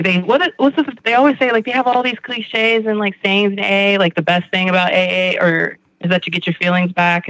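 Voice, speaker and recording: A man with a bright, forceful voice, a little higher than most, talks through his story in a rambling, candid way. The sound is dry and close, with no room around it. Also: clean tone, no room sound, poor audio. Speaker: guest in recovery. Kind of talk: candid conversation.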